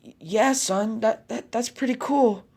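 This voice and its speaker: A man voicing a gentle, flustered mother who stammers as she reassures her son. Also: high voice, normal speed, pitched above the performer's own voice. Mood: flustered, tender. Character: gentle motherly woman, flustered but kind. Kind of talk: fan fiction reading with voices.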